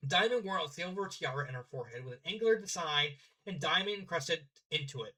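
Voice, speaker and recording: A man's voice: on the high side, animated, fast, bright, forceful tone, rough recording. A young man casually reading fanfiction aloud, stumbling and correcting himself with chatty asides. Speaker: fanfiction reader.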